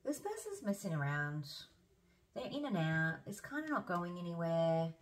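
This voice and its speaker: Tarot reader, female, slightly low voice, hoarse, rambling delivery, noticeable background noise. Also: big pitch swings, moderate pace. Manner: chatty, thinks aloud with fillers and restarts. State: hoarse, losing her voice. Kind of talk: casual tarot reading.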